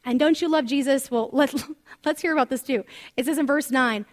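High-voiced woman giving a chatty sermon. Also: brisk. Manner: animated, chatty storytelling with asides. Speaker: Bible teacher. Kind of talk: conversational sermon.

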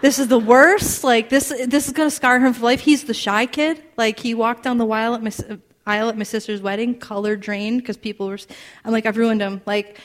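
Woman, 30s, storytelling preacher, fairly high voice, animated with laughs and acted asides. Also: a little fast. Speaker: speaker. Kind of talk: storytelling sermon.

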